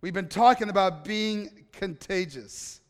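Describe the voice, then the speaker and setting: High-voiced pastor in a reverberant hall. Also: male voice, unhurried. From Italy. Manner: chatty, repeats words when restarting. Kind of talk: conversational sermon storytelling.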